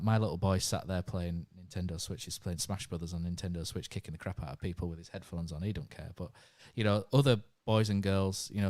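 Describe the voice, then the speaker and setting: A man's voice: deep voice, darkish tone, dry recording, studio quality. A man hosting a podcast in an easygoing, chatty manner. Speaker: podcast host. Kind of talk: casual podcast chat.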